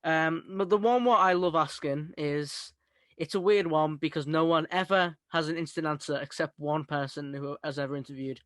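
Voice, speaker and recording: A man's voice: fairly high pitch, normal speed, a bit bright, dry recording, studio quality. A young man hosting a casual interview, eager and informal. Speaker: interview host.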